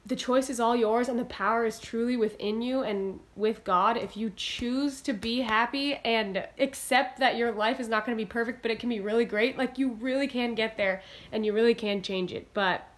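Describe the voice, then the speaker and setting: A woman's voice: on the high side, steady tone, moderate pace, hardly any pauses. A young woman talking earnestly to her camera in a vlog, encouraging and a little rambling. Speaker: singer-songwriter vlogger. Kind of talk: heartfelt direct-to-camera vlog talk. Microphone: camera mic, talking to camera.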